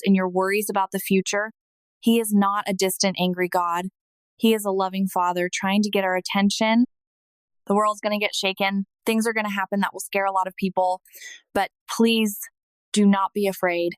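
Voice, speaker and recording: A woman in her thirties narrates a personal spiritual testimony in an earnest, heartfelt tone. Her voice sits at an ordinary middle pitch and is recorded close and dry, with no room sound. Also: dry recording, low-quality recording. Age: 30s.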